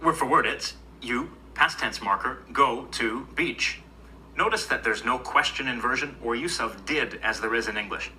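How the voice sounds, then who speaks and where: A man giving scripted educational narration, explaining grammar in an even, explanatory way. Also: medium pitch, normal speed, hardly any pauses, slight background noise, low-quality recording. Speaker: language video narrator.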